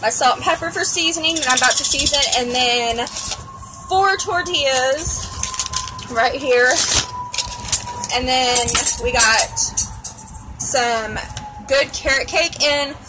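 A high-voiced woman with a Texan accent talks frankly and casually, with some cursing, through a mukbang vlog. She films on her phone at an outdoor cafe table. Wind and traffic noise come through clearly. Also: unhurried. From Texas. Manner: chatty and frank, with mild cursing. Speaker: mukbang vlogger. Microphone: phone camera. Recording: noisy outdoor phone recording.

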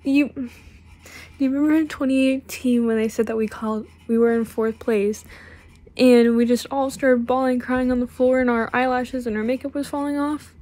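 A young woman with a high voice speaks into her phone camera in a personal message to her best friend. She is emotional and laughs through tears, then bursts into joyful yelling. Her voice rises and falls as her feelings swell. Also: fairly even intonation, fairly quick.

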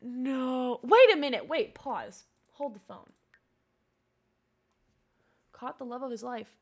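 Excitable high-voiced woman streamer. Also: slow. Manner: excitable, shifts between yelling at characters and muttering asides. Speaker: game streamer. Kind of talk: live gameplay commentary.

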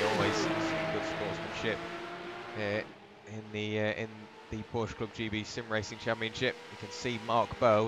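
Race commentator, even chatty play-by-play, noticeable background hiss. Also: male voice, mid-range voice. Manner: steady, conversational play-by-play. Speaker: lead commentator. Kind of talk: sim racing commentary.

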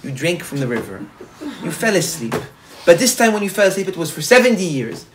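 A man's voice: sits high, very animated, a little fast, fairly bright tone, slight background noise. A man voicing a loyal guard in a told story, urgent and scolding.

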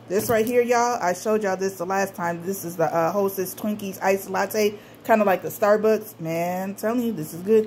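Older woman, homey haul vlogger, chatty, talks straight to viewers, faint room hiss. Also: medium pitch. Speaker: vlogger showing a shopping haul. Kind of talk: casual chat to camera. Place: at home in her apartment.

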